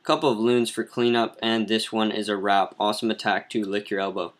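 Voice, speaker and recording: This is casual gameplay commentary: a fairly quick, lowish male voice walks through his clan's mobile game attack replays as leader. He stays relaxed, leaning on fillers and frequently restarting or correcting himself.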